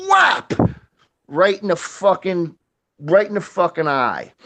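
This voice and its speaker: A man with a slightly high voice tells a rowdy story, swearing freely and acting out the sound effects and other people's voices. He keeps it loose and conversational, with lots of restarts. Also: unhurried. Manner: animated, swears a lot, acts out quotes and sound effects. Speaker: guest storyteller. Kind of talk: casual profane storytelling.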